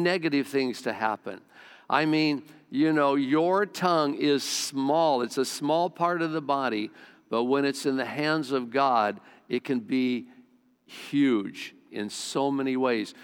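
A man's voice: medium pitch, clear, resonant tone, big-room sound. An older man preaching a sermon in church, telling personal stories earnestly and repeating words for emphasis. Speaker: pastor. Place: church sanctuary.

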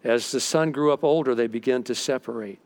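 A man's voice: medium pitch, fairly quick, a little mellow. A middle-aged male pastor preaching a sermon. He tells stories and acts out what people said. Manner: storytelling, acts out quoted dialogue.

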